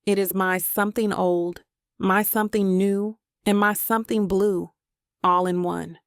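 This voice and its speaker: A woman reading a first-person romance audiobook in a measured, even way. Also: mid-range voice, clear, resonant tone, no room sound, clean studio sound. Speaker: audiobook narrator.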